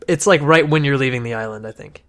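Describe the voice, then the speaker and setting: A man hosting a podcast in casual chat, playful and quick to laugh. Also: medium pitch, a bit bright. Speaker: podcast host.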